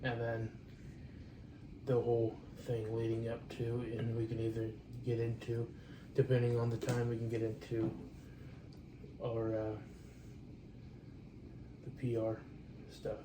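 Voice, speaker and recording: A man co-hosts a home podcast, speaking in a flat, even tone and pausing often with "um" and restarts. He sounds far from the microphone in an echoey room. There is clear background noise. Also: mid-range voice. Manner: halting, frequent "um" restarts. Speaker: podcast co-host. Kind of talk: casual chat. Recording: roomy, distant mic with clear background noise.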